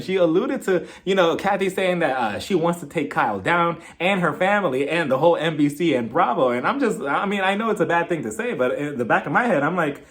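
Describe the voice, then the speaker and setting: A sassy man recaps a reality show in a casual vlog, his voice high for a man and swooping all over the place. He laughs often and keeps slipping into voices as he talks. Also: expressive, fairly quick, few pauses.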